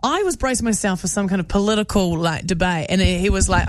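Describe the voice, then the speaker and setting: A woman with a New Zealand accent tells a story on a radio show, voicing each person she quotes. Her voice sits at an ordinary pitch and is recorded dry and close. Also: quick pace, hardly any pauses, dry recording. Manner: animated, acts out quoted voices. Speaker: radio host. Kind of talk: casual storytelling chat.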